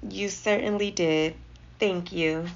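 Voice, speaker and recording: Woman as a gentle mother elephant. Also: fairly low pitch, steady tone, slow. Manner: soft and tender. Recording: slightly dull lo-fi audio.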